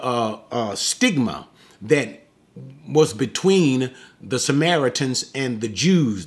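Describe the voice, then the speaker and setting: A man teaching the Bible in a sermon style, emphatic, asking rhetorical questions and slowing down to stress quoted lines. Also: medium pitch. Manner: slows down sharply to stress quoted words.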